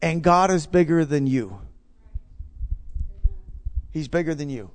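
A man's voice: a little high, animated, slow. A middle-aged man preaching, telling a personal story with emphatic, repeated phrases. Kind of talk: sermon testimony.

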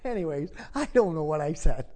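A male pastor preaching in a church, his voice carried on a long, ringing reverb. He swings widely in pitch as he tells his story and builds toward fervent appeals. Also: lively intonation, a little fast, mellow. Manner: storytelling, then rising to impassioned preaching. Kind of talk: sermon.

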